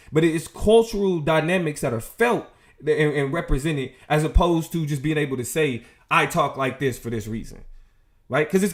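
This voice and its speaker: Animated, emphatic male commentator. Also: on the high side. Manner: animated, emphatic, frequent restarts. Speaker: show host. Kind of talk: casual commentary.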